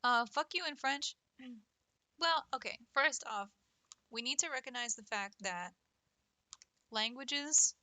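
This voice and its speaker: A woman's voice: sits high, slow pace, long pauses, bright, forceful tone, dry recording. A young adult woman streamer chatting casually with viewers, playful and teasing, laughing often. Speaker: art streamer. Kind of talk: casual livestream chat.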